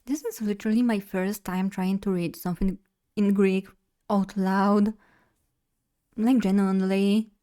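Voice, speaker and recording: A young Polish woman chats on her live stream in a dark, mid-range voice with fairly even intonation. She rambles a bit, teases herself, and laughs often.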